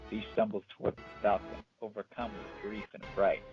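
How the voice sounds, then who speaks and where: A man narrating a playful story over gameplay, animated and amused, with chatty asides. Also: fairly low pitch, normal speed, few pauses. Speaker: gaming storyteller. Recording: dull, muffled recording with faint music.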